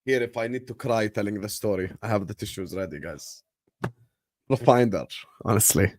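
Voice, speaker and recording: A man's voice: normal speed, no echo, clean studio sound. Slangy, joking young man streaming live. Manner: rambling and jokey, with slang and swearing; drops to low mock-sad mumbles, then loud bursts at match action. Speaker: streamer hosting a football watchalong. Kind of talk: casual live-stream chat.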